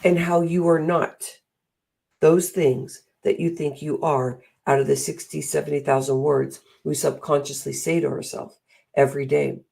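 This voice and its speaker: A middle-aged woman giving a motivational talk, animated and acting out the voices she quotes. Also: deep voice, moderate pace, creaky, breathy edge. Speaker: speaker and coach.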